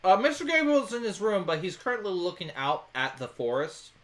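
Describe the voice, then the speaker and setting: A man narrating a tabletop role-playing game in a relaxed, rambling way with lots of filler words. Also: sits high, a little fast. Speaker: game master.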